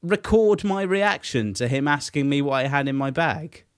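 A man's voice: a little high, lively intonation, moderate pace. Rambling man telling a story. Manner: rambling anecdote full of fillers and swearing. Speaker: podcast co-host. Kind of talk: casual chat.

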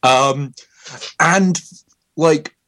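A man's voice: fairly high pitch, extremely slow, fairly bright tone. A man talking in a casual chat as a podcast co-host, rambling with lots of fillers and frequent laughs.

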